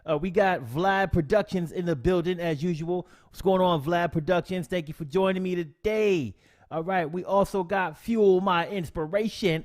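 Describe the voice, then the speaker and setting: Upbeat male streamer, slightly high pitch, slangy and animated, casual tutorial host. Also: normal speed. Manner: animated, slangy shout-outs to chat. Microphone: desk mic, no camera.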